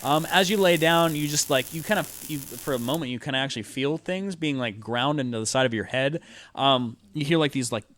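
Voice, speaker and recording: A man's voice: medium pitch, brisk, fairly bright tone, slight background noise. A man narrating as game master of a tabletop game, rambling with lots of fillers.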